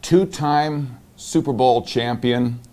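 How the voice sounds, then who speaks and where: Male interviewer, mid-pitched, formal and measured, leads in with facts. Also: mellow. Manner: formal, sets up questions with stats. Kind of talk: interview questions.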